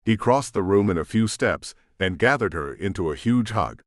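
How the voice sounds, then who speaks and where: A man reading a romance novel aloud in measured scripted narration on a close studio mic. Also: on the low side, animated, no echo. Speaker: audiobook narrator.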